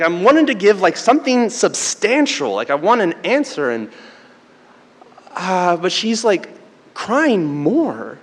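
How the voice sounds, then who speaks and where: A man telling a true story live on stage, animated and laughing along with the audience. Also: high-pitched. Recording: long hall reverb with faint crowd ambience.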